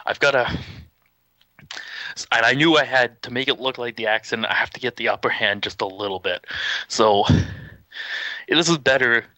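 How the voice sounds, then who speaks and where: A young man casually telling a story, animated and swearing, acting out what people said with sudden shouts. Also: mid-range voice, normal speed, long pauses, no room sound, poor audio.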